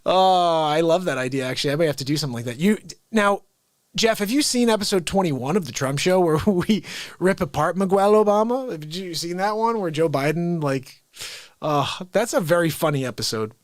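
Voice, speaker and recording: A man hosts a live stream and rants in an animated, excitable way, breaking off with laughing asides. His voice sits high. The sound is dry and close. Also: brisk, no echo. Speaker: livestream host. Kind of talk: comedic live-stream rant.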